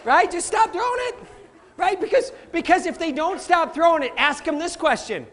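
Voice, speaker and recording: Man, high voice, motivational speaker, lively, quizzes the crowd, laughs a lot. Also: normal speed, background noise. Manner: energetic, playful, asks the audience questions and laughs often. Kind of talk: live motivational talk to an audience.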